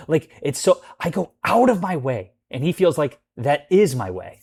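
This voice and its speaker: A man's voice: medium pitch, very animated, normal speed, few pauses, a little mellow, slightly rough. Man venting angrily, swearing freely. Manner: profane, heated, rambling with restarts. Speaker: vlogger. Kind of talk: angry venting monologue.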